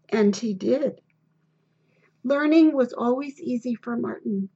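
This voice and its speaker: A woman narrating a children's biography in a steady, deliberate storybook reading, on a dull lo-fi recording. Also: on the high side, gravelly, slightly rough.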